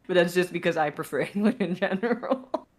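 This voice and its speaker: Dutch-accented young woman, podcast guest, low-pitched, easy laughter, casual. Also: animated, moderate pace, darkish tone. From Netherlands. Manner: chatty, laughs often. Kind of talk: casual chat.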